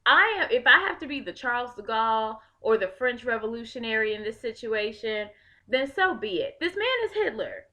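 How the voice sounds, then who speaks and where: A woman's voice: fairly high pitch, lively intonation, normal speed, bright, forceful tone. A young woman from Chicago giving an impassioned, blunt political rant to the camera and swearing freely. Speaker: video blogger.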